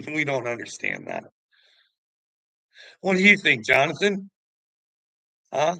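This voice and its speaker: A man rants in a loose, profane ramble, his gravelly voice carrying a bright, pushed edge. The sound is dry and close, with no room around it. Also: on the high side, wildly swooping pitch, slow, dry recording, rough recording. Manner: profane, rambling, laughs often. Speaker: host. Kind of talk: casual ranting talk.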